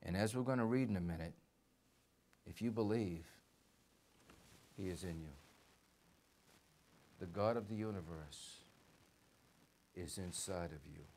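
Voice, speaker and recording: Animated male pastor preaching. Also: low-pitched, unhurried, pauses often, slight background noise. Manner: animated preaching, acts out quoted dialogue, questions the congregation. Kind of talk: sermon. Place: church sanctuary.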